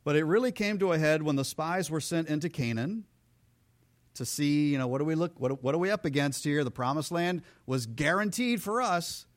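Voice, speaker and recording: A male pastor preaches with animated, theatrical energy and acts out the characters in his stories. His voice sits a little above the usual male range. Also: on the high side, moderate pace. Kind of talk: sermon.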